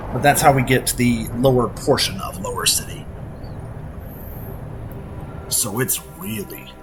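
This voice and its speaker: A man giving casual, joking commentary as he plays a game. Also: medium pitch. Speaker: let's play host.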